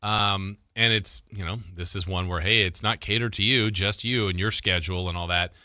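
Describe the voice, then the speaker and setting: Bright, dry-voiced sports radio host. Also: male voice, deep voice, fairly even intonation, moderate pace, no room sound. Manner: conversational, thinks aloud with fillers and restarts. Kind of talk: sports talk radio commentary.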